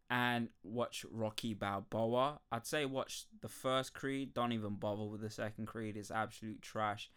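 This young podcast host has a smooth, mid-range voice. His casual review rambles, punctuated by animated, profanity-laced rants and plenty of laughter.

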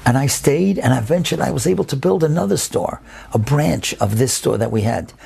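A man telling a story expressively, building slowly and dropping to a whisper at times. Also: medium pitch, expressive, gravelly, a little mellow, slightly rough. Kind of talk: told personal-style story.

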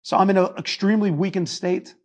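A man giving a lecture, telling a personal story in an emphatic way that builds to near shouting. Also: high-pitched, fairly even intonation, fast. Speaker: speaker telling his story.

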